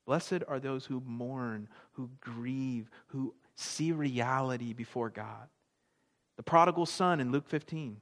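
A man's voice: mid-range voice, slow, a bit bright. A middle-aged man preaching a sermon to his audience, with a conversational manner and frequent questions to them. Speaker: pastor. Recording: long reverb of a large hall.

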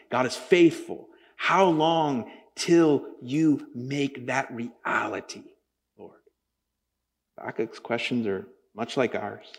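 Conversational male preacher in a reverberant hall. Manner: conversational preaching with big pitch swings, acts out quoted voices. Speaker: pastor. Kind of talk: sermon.

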